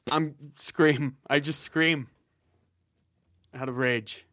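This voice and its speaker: A man's voice: a little high, fairly even intonation, drawn-out words, bright, forceful tone, no echo, clean studio sound. A young man playing a text adventure, goofy and laughing, describing his actions in the first person. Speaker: player.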